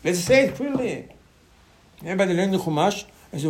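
A man giving a Torah class in animated, non-native English, often repeating his words and jumping up in pitch. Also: fairly quick, slight background noise. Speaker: Torah teacher.

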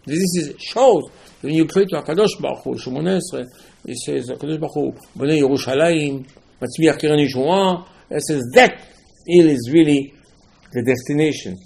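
Gravelly emphatic male rabbi. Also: fairly high pitch, moderate pace, a little mellow. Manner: emphatic, rhetorical questions, acts out dialogue. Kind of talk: Torah lecture.

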